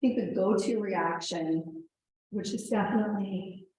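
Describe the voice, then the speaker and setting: Slightly hoarse woman in a very echoey studio. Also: medium pitch, a little slow, a little mellow, a little hiss or hum. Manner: chatty, storytelling, many "like" asides. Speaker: yoga teacher. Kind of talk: casual class talk. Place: yoga studio. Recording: very echoey room with faint ambience.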